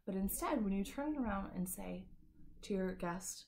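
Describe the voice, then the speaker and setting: Speaking to camera at a moderate pace, a beauty industry coach with a mellow mid-range voice gives a casual, upbeat talk. She's chatty and fills her speech with lots of "like" and "kinda".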